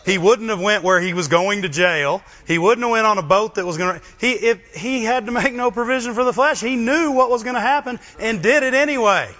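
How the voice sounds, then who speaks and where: A man preaching a sermon, animated, often asking the congregation for a response. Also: sits high, a little fast, hardly any pauses. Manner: animated, asks the congregation questions. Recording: dull lo-fi recording.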